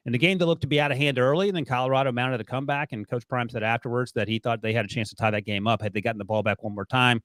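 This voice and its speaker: A man's voice: medium pitch, steady tone, very fast, hardly any pauses, fairly bright tone, no echo. A man hosting a sports podcast in a casual, playfully teasing way. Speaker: podcast host.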